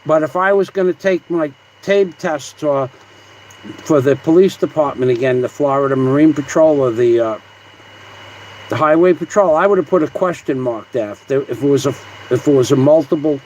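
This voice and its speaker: A man chats on a casual live stream, voice a touch high for a man. He rambles and argues back at viewers. A faint hiss sits under his voice. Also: normal speed, darkish tone, muffled recording. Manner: rambling, combative, reads comments aloud with mock voices. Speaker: livestream host. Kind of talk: casual livestream chat reading comments.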